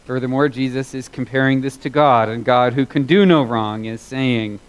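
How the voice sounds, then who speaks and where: Earnest preacher, swinging loud and soft. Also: male voice, mid-range voice, moderate pace, clear, resonant tone, rough recording. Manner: earnest, emphatic, repeats phrases for weight, swings between loud and quiet. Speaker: pastor. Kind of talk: sermon.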